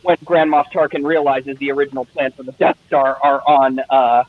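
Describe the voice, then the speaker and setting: A man's voice: medium pitch, steady tone, normal speed. A man joining a casual live stream as a guest, making wry, joking remarks. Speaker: guest speaker. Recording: tinny phone-like line.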